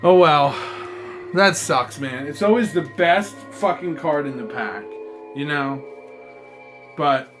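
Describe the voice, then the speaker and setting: A man reviewing trading cards in a casual vlog, rambling and swearing, swinging between mumbled asides and excited outbursts. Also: fairly high pitch, takes it slowly, long pauses, soft background music. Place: apartment room.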